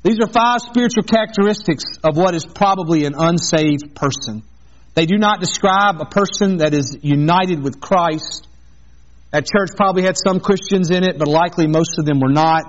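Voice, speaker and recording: A man's voice: a little high, moderate pace, muffled recording. A man preaching an earnest sermon as a pastor, mixing scripture with a personal story.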